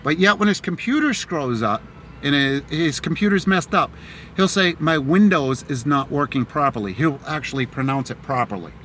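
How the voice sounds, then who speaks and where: A man's voice: on the high side, lively intonation, normal speed, sharp tone, slight background noise. A middle-aged man with a mixed Boston and Tennessee accent, rambling chattily with many fillers on a casual live stream while driving in a car. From Massachusetts, Boston area. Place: inside a car in the city.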